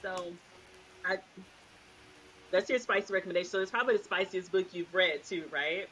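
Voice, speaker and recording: A woman's voice: lowish voice, normal speed, fairly bright tone, a little hiss or hum, poor audio. A woman co-hosting a podcast, telling stories and teasing in casual chat. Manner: storytelling, teasing. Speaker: podcast co-host.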